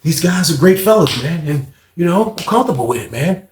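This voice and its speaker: A man's voice: fairly high pitch, animated, brisk, reverberant, a little hiss or hum, natural voice. A man voicing a young white dealer who defends himself in a defensive, swearing rant. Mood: cagey.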